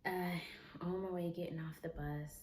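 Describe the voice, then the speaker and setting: A young woman vlogger telling a personal story in a soft, candid, unhurried way. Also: fairly low pitch, steady tone, slight background noise. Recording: echoey room, faint ambience.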